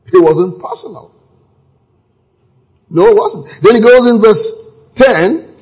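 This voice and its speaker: A man preaching a sermon, animated and acting out scenes with sudden exclamations, his voice very husky. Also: sits high, slow, long pauses, highs cut off.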